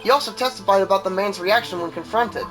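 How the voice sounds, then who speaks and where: A man voicing a confident young male defense lawyer in a measured reading over game music. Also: sits high, lightly acted.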